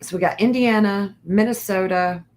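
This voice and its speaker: A woman hosting a casual livestream, reading an astrology chart aloud and thinking out loud in a hesitant, repetitive way. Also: medium pitch, moderate pace.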